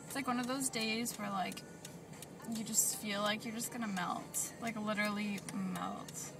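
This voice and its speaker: A woman's voice: medium pitch, fairly even intonation, a little slow, vocal fry, over music. Chatty young woman venting while driving. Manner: chatty, frequent "like" fillers, annoyed venting. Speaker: vlogger. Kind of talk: casual vlog while driving. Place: inside a car. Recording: distant mic with road noise.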